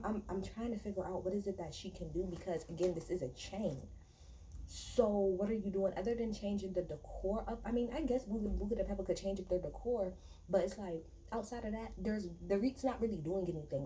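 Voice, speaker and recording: A woman's voice: fairly low pitch, dark tone, slight background noise, low-quality recording. A woman giving a casual, blunt and profane recap of a reality TV episode, talking in a chatty way with many fillers and restarts. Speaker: reality TV reviewer.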